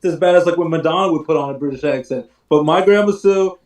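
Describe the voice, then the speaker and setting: A chatty, jokey man, a fellow sportscaster, talking in a casual way. He sits away from the mic, so his fairly high voice sounds roomy and distant. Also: fast, a little mellow. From Bronx family, lived in Scranton. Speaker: sportscaster guest. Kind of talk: casual chat. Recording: echoey room, far from mic.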